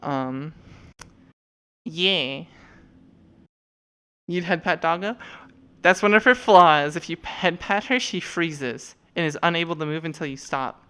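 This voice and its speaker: A woman's voice: sits low, slow, long pauses, pushed and bright, smooth. A young woman streamer chatting casually and rambling with lots of fillers and swearing while showing off avatars.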